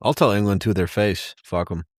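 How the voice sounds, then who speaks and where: A man's voice: fairly low pitch, a little fast, darkish tone, no echo, clean studio sound. A young man co-hosting a casual podcast, playful and jokey, swearing and throwing in silly bits. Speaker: podcast co-host. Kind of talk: casual chat.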